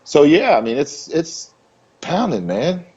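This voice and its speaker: A man's voice: a little high, big pitch swings, measured pace, mellow, slightly rough, dull audio. A man being interviewed, talking casually and emphatically, repeating himself for stress in a loose, conversational way. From Maryland. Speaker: interview guest, bodybuilder.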